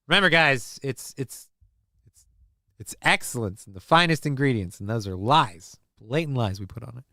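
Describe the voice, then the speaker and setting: Male livestream host, mid pitch, smooth and dry, rambling and profane, self-mocking. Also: bright, forceful tone, no echo. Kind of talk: casual livestream chat.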